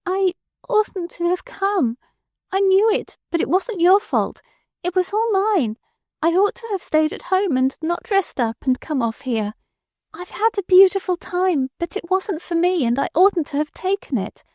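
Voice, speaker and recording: A woman voicing a meek little old lady who speaks gently, quavering through her tears, in an audiobook. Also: sits high, animated, measured pace, no room sound, clean studio sound, pitched above the performer's own voice. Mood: tearful. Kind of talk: audiobook character voice.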